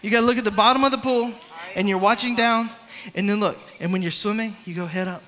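Energetic high-voiced youth pastor. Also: male voice, fast talker, in a large hall. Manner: energetic, interactive, coaching and calling on the crowd. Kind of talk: youth sermon with a live swimming demonstration.

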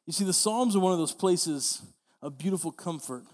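A young male pastor delivering a sermon in a fairly high voice. He speaks earnestly, repeating phrases for emphasis and often restarting mid-sentence. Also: expressive, normal speed, in a large hall. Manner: earnest, repetitive, many restarts.

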